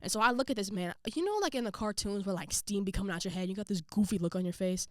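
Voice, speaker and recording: A young woman recounts a story in an easygoing, slang-heavy way, breaking off for quick asides and acting out what people said. Her voice sits at a middling pitch. The sound is dry and close, with no room around it. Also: no echo. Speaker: vlogger. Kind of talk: casual storytelling to camera.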